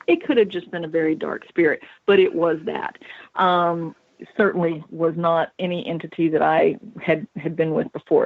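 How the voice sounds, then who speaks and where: A woman who is an author and paranormal researcher, telling a story as a guest on a talk radio show in an animated way. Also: on the low side, dry recording. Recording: tinny phone line, dry.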